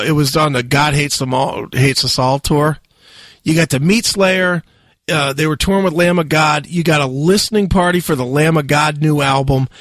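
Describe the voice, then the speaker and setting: A man hosting a radio talk show, telling a wild story loudly with lots of swearing and laughter. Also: on the high side, no room sound. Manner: loud, profane, laughing storyteller. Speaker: radio host.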